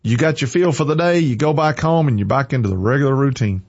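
A man preaching a sermon, forceful and emphatic, hammering points home by repeating them. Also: medium pitch, fast talker, lo-fi sound.

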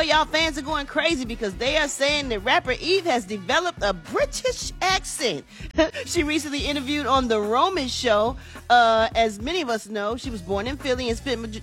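A woman's voice: on the high side, fairly bright tone. A woman hosting a chatty morning radio entertainment segment. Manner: chatty, laughs easily, casual asides. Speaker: entertainment news host.

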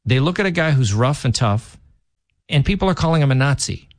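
A man's voice: medium pitch, animated, a little fast, no room sound, clean studio sound. Opinionated male talk radio host. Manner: opinionated, emphatic, with frequent restarts. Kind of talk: political talk radio commentary.

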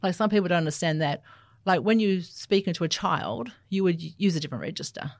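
An Australian woman, an Auslan interpreter, answering interview questions in an animated, explanatory way. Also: lowish voice, fairly quick, dry recording, studio quality. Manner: animated, explanatory, laughs easily.

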